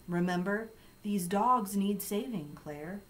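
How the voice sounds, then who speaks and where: A woman's voice: mid-range voice, slow, a bit bright. A woman reading a children's chapter book aloud, voicing a wry mother who rescues dogs. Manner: dry, wry remarks.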